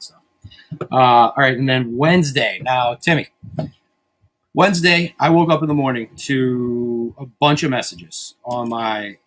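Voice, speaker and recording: Man, podcast host, husky voice, rambling, swears a lot, self-mocking, casual banter. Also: mid-range voice, fairly bright tone.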